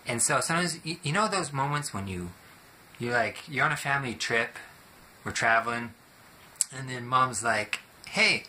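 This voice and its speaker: A young American man chats to his viewers in a playful, joking vlog. His voice is very bright and forceful. A faint hiss of noise sits behind him. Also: mid-range voice. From United States. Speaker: vlogger. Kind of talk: casual vlog monologue.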